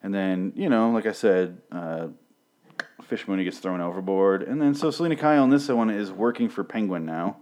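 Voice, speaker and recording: A man's voice: lowish voice, moderate pace, a little mellow. A young man casually recapping TV episodes, swearing often and rambling sarcastically with lots of fillers.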